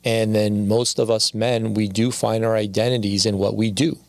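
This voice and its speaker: A man's voice: lowish voice, flat delivery, normal speed, vocal fry, no echo. A man speaking as a podcast guest, telling his story in a candid, confessional way and often repeating his phrases.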